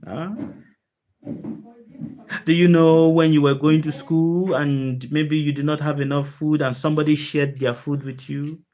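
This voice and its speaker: Her voice low-pitched, warm and steady, and her pace a little slow, a woman gives a spiritual talk to an online group via video call. As a spiritual teacher, she is emphatic, repeats key phrases and keeps asking her listeners rhetorical questions.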